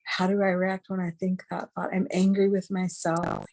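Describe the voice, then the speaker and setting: Earnest middle-aged woman, lowish voice. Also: little pitch movement, normal speed, darkish tone. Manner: earnest, candid, chatty with many fillers. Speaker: webinar speaker. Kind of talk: casual teaching talk. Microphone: video call.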